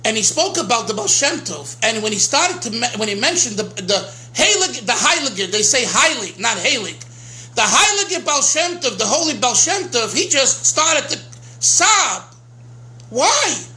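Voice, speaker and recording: A man's voice: very high voice, big pitch swings, moderate pace, few pauses, sharp tone, rough recording. A man, a rabbi giving an informal Torah lecture, earnest and emphatic, often restarting his phrases and mixing in Hebrew and Yiddish terms. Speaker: rabbi teaching a class.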